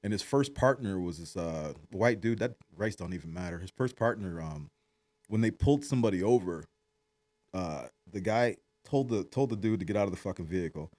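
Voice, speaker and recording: Man, middle-aged, rapid storytelling, swears a lot, casual podcast chat. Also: deep voice. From Detroit, Michigan. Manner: profane, animated storyteller. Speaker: podcast guest, jiu-jitsu coach.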